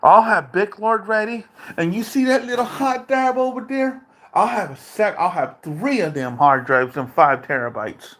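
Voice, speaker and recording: A man vlogging an angry, profane rant from a dark room at home, taunting and repeating himself. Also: high voice, animated, moderate pace.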